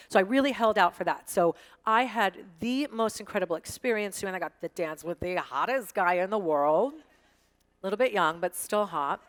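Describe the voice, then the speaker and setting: A middle-aged woman reading tweets aloud to a live audience, with animated, joking, sassy asides. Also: medium pitch, normal speed, in a large hall. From United States. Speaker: guest reading tweets on stage. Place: event space with audience.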